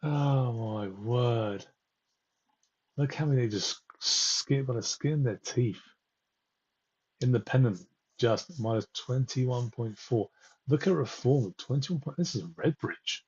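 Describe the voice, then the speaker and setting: A man's voice: medium pitch, lively intonation, measured pace, darkish tone, husky, lo-fi sound. A man hosting a live political stream, commenting on election results with an exasperated, ranting manner as he reads the numbers out to viewers. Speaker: political livestream host.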